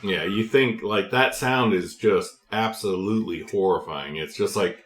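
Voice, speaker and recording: Young man, animated profane storyteller, low voice, roomy echo. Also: unhurried. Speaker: podcast host. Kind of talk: casual chat.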